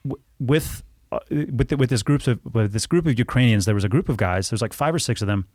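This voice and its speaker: A man's voice: mid-range voice, fairly quick, a little mellow, no room sound, studio quality. A man in his thirties, a podcast guest telling a casual story with lots of restarts and self-corrections. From United States.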